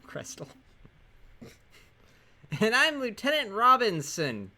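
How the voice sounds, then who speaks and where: A man's voice: high voice, wildly swooping pitch, slow, bright, forceful tone, slight background noise, pitched above the performer's own voice, full character voice. A man voicing an eager, chatty bird police lieutenant in a video game.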